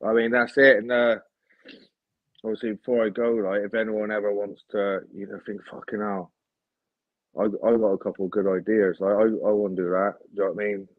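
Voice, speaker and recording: A man's voice: on the low side, level tone, fairly quick, no echo. A man with an English accent, a guest on a podcast, talking bluntly and laid-back in casual chat. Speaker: guest, clothing brand owner. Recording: dry, phone-like call audio.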